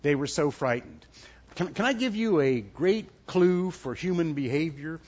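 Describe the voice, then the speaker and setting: A middle-aged man preaching a sermon as pastor, emphatic and lively, dropping suddenly soft for effect. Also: fairly high pitch, a little slow. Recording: dull lo-fi sound.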